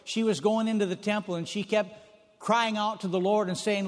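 High-voiced preacher in a reverberant hall. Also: male voice, fairly even intonation, moderate pace. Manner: folksy storytelling, repeats phrases for emphasis. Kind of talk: sermon.

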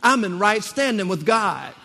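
Man, preacher, rousing sermon, repeats phrases, high voice, echoing hall. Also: big pitch swings, measured pace, creaky, sharp tone. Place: church. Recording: long reverb of a church hall.

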